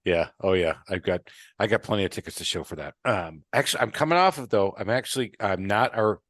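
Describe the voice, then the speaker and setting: A man's voice: on the low side, a little fast, fairly bright tone, no room sound, studio quality. A man hosting a podcast, chatting casually, joking around, swearing freely and hyping up his listeners. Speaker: podcast host. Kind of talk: casual chat.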